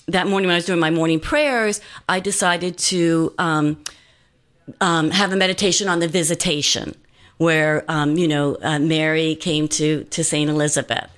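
A woman's voice: fairly low pitch, a bit bright. A woman guest telling a personal story in an earnest, meandering way, full of fillers and restarts.

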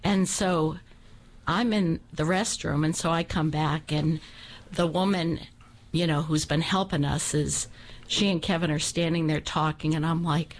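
A woman guest on a radio show, telling a personal story in a lively way and acting out the people in it. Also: sits low, a little slow. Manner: animated, acts out voices in her story.

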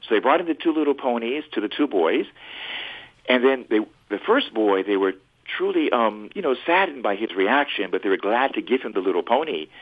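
A man, a priest, tells a story on a radio talk show in an animated way. His voice is husky and swings widely in pitch. It comes through a tinny, phone-like line. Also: brisk.

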